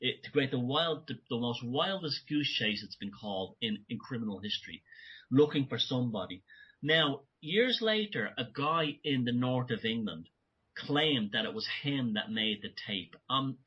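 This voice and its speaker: Bright, husky man with lo-fi sound. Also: medium pitch, moderate pace. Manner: animated, many restarts and asides. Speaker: guest. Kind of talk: conversational interview. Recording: dull lo-fi audio.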